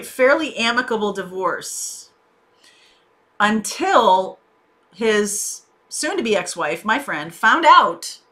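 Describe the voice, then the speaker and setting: A woman talks through a tarot reading in a relaxed, conversational way, full of small fillers. Her voice is bright and forward at a middling pitch. She sounds reassuring and unhurried. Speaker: tarot reader.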